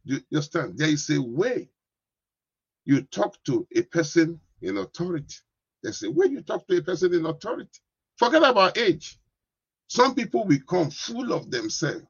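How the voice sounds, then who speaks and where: A pastor preaches in a slightly raised, husky voice. He keeps circling back to the same questions and asks whether the congregation understands. The recording is dry and a little dull. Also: on the high side, very animated, moderate pace, dry recording. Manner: repetitive, keeps asking "you understand?". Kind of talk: sermon.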